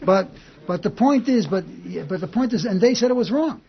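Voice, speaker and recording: A gravelly, somewhat high-voiced man teaches an informal Torah class, often restarting and repeating his phrases. The sound is dull and lo-fi, with a faint hiss underneath. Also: expressive. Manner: halting and repetitive, restarting phrases. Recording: dull lo-fi recording.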